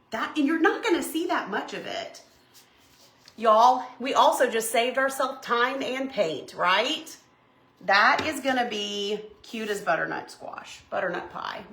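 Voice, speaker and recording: A woman hosts a live craft show, chatting casually and laughing often as she works, and she says "y'all." Her voice is medium in pitch with a fairly bright tone, recorded in an echoey room.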